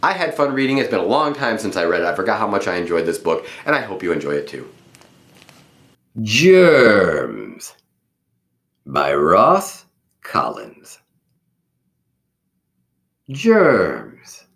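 A middle-aged man reading a picture book aloud to children, with an animated, friendly manner. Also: on the low side, rapid-fire, few pauses, echoey room.

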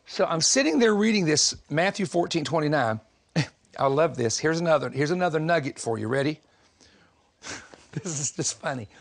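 Animated man preaching a humorous sermon. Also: fairly high pitch, normal speed, gravelly. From Southern United States. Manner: animated, humorous storytelling with frequent laughter.

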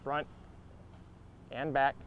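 A young man hosting a gardening channel, talking casually outdoors at his beehive, relaxed and upbeat with many fillers and restarts. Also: medium pitch, drawn-out words, phone-quality sound, a little hiss or hum. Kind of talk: casual outdoor how-to vlog.

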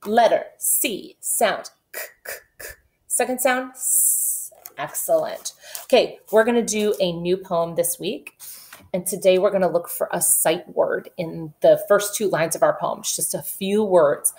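With a lowish, darkish voice, a woman leads a remote phonics lesson for kindergartners. She drills letter sounds slowly and deliberately, then reads a rhyme aloud in an encouraging sing-song.

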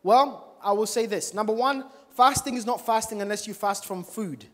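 A male preacher giving a church sermon, animated and full of rhetorical questions to the congregation. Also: sits high, normal speed. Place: church service. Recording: long reverb of a large church hall.

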